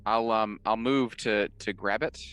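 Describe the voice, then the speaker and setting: A man playing a tabletop game over a video call, thinking aloud with many pauses and fillers. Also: lowish voice, fairly even intonation, a bit bright, smooth. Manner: hesitant, many fillers while deciding. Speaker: player. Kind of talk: casual chat at a tabletop game.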